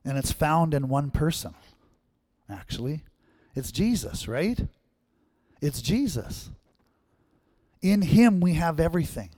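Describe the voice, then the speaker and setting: A man's voice: on the high side, lively intonation, slow pace, long pauses, mellow, no echo, studio quality. A man preaching a sermon, telling a story and asking the congregation repeated rhetorical questions.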